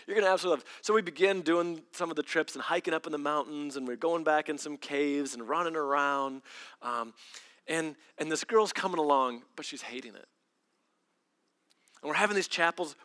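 Bright-voiced man telling a sermon story. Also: on the high side. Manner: animated storyteller, acts out quoted voices, repeats words.

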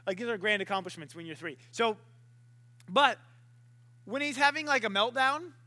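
A young man preaching a sermon, animated and playful, acting out voices and barking to make his point. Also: sits high, moderate pace.

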